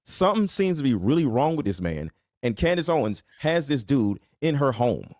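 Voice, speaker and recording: A man doing casual, blunt reaction commentary as a streamer, full of slang and loud laughing outbursts. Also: mid-range voice, big pitch swings, moderate pace, dry recording, studio quality.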